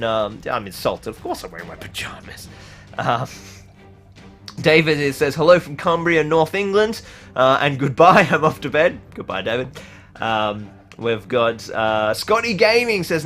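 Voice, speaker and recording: Young man from Australia, rambling livestream host, mid pitch, faint music behind. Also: animated, moderate pace, fairly bright tone. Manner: rambling, laughs often, many fillers. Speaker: livestream host reading chat. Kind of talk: casual livestream chat.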